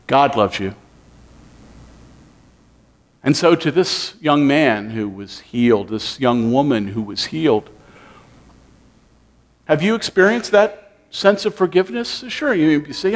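Male pastor, sermon, high voice, very lively pitch, acts out inner voices. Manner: animated preaching, acts out inner voices with sighing asides.

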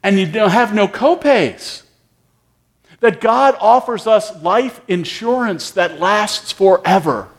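A man preaching a storytelling sermon in a fairly high voice that climbs and dips constantly. He is a pastor who leans into each anecdote and acts out the dialogue between the characters. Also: animated, slow pace.

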